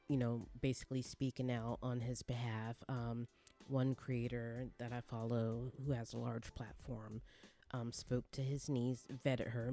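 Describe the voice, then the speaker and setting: A woman co-hosting a podcast, reacting and chatting in a relaxed way with frequent fillers. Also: very deep voice. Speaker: podcast co-host. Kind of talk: casual news chat.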